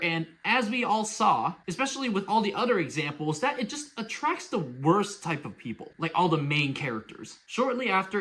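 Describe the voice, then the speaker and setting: A male vlogger giving casual commentary with plenty of sarcasm and exasperation. His voice sits a little high and swings up and down with a lot of animation. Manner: sarcastic, exasperated, lively storytelling. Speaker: YouTube commentary host.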